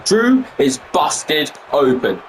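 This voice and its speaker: A man giving excited play-by-play wrestling commentary, repeating phrases and exclamations as the action unfolds. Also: a little high, takes it slowly, reverberant, slight background noise, rough recording. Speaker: fan commentator.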